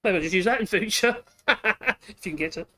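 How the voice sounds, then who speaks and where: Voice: mid-range voice, fast talker, sharp tone. A woodworking channel host, chatting casually while demonstrating at the workbench, thinking aloud and correcting themselves as they go.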